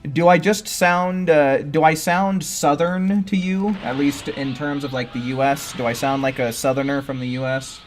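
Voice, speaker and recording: A man's voice: fairly high pitch, steady tone, normal speed, hardly any pauses. A laid-back young man from California with a neutral American accent, chatting casually with his live-stream viewers while playing a game. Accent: General American.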